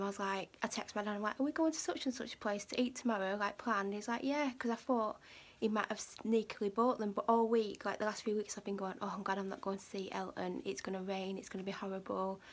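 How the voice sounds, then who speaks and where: A young woman chatting to camera in a rambling vlog, full of fillers and retold conversations. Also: mid-range voice. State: out of breath. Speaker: vlogger. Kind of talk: casual vlog chat to camera.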